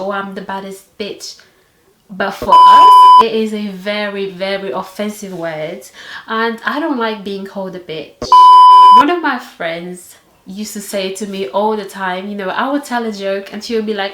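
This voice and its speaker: A woman's voice: mid-range voice, moderate pace, echoey room, very noisy. A young woman from Portugal with a Portuguese accent, chatting animatedly in a casual vlog, with many fillers. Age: young adult. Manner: animated and expressive, lots of fillers. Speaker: vlogger.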